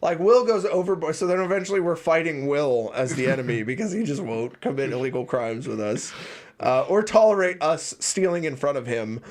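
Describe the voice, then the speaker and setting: Young male podcast host, lively pitch, rambling storyteller who laughs and swears a lot. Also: fairly quick. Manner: rambling, animated, laughs often, acts out voices, swears. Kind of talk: casual storytelling chat.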